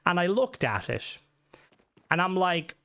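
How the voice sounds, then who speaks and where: A man's voice: high voice, sing-song, a little slow, sharp tone. A young man hosting a casual live stream, rambling through stories and swearing often into a desk mic. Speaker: livestream host.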